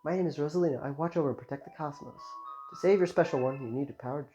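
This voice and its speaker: A man voicing a calm, regal female guardian of the cosmos in a soft, solemn reading. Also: fairly high pitch, racing, natural voice. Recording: slightly muffled, game music behind.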